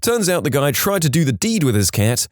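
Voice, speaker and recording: A man's voice: on the high side, sing-song, brisk, no echo. A man reading funny reader-submitted stories aloud in a scripted narration with a dry comic delivery.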